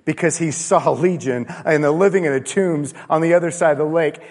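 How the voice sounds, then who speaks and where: Preacher, in a reverberant hall. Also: male voice, on the high side, fairly quick, a little mellow. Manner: conversational preaching, rhetorical questions, playful asides. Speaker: pastor. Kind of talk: sermon. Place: church. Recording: long reverb of a large hall.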